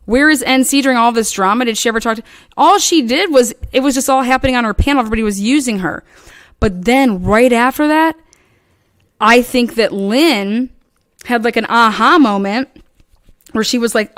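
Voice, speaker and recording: A woman casually recounting online drama in a rambling, profane way, acting out quoted lines in animated bursts. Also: a little high, normal speed, no room sound, clean studio sound. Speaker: online commentator.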